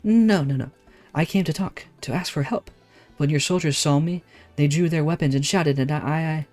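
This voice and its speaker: A man's voice: on the high side, normal speed, a little mellow, soft background music, natural voice. A man voicing a small, frightened kobold boy in a game, pleading with repeated words.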